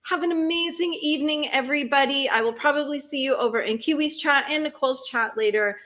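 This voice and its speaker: A woman's voice: high-pitched, a little fast, a bit bright. A middle-aged woman hosting a livestream, chatting casually and reading viewers' messages aloud at a desk mic. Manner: chatty, rambling, reads chat aloud. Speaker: livestream host. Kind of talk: casual chat closing a stream.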